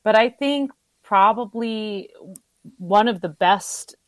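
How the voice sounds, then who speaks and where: A woman's voice: mid-range voice, slow pace, no room sound. A woman co-hosting a show in casual chat, sympathetic and chatty with fillers.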